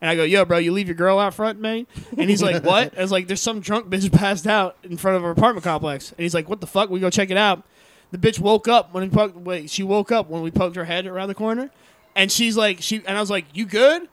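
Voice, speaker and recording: A man's voice: high-pitched, fast talker, a bit bright, dry recording. A man co-hosting a podcast, telling a crude anecdote in casual, joking banter. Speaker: podcast co-host.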